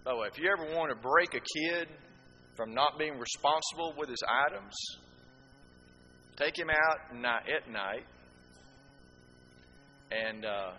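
A man's voice: mid-range voice, measured pace, pauses often, sharp tone, big-room sound, lo-fi sound, a little hiss or hum. A man preaching a sermon, telling folksy stories with rhetorical asides.

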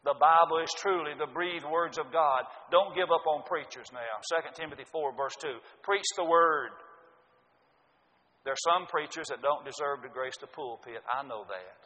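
A man's voice: a little high, a little fast, hardly any pauses, pushed and bright. A man preaching a sermon, earnest and emphatic, citing scripture. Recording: dull lo-fi audio with long hall reverb.

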